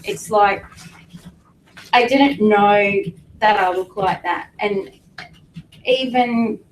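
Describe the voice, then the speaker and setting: A middle-aged woman giving an emotional personal testimony to an audience, halting and fighting back tears. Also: medium pitch, a little hiss or hum. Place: meeting room with an audience. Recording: echoey room from a distance with faint ambience.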